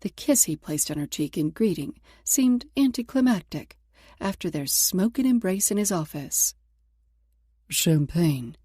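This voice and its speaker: A woman reading a romance novel aloud as an audiobook narrator in a steady, even way. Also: medium pitch, moderate pace, breathy edge, dry recording, studio quality. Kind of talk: scripted narration.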